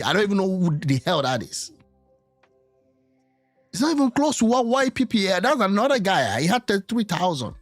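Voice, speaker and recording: A man's voice: fairly high pitch, no room sound. A man giving casual political commentary, thinking aloud with many restarts and fillers. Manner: musing, halting, with many restarts.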